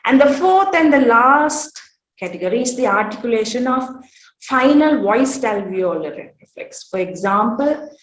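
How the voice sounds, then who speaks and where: A woman's voice: a little high, very animated, normal speed. Woman presenting, roomy echo. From South India. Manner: careful, repeats each example word twice. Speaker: workshop presenter. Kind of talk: conference presentation.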